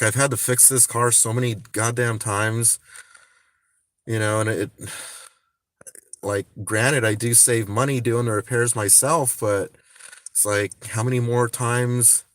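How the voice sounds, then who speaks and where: A man's voice: mid-range voice, fairly even intonation, a little slow, pauses often, fairly bright tone, no echo. Rambling, swearing male livestreamer. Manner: rambling, swears often, many restarts. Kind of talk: casual livestream chat. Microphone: phone.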